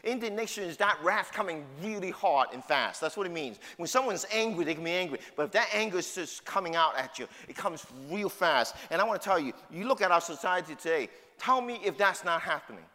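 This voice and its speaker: Man, New York accent, sermon, animated, sharp tone, rhetorical questions. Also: sits high, brisk, few pauses. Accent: New York City. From New York City. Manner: emphatic, full of rhetorical questions. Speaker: pastor. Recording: long hall reverb.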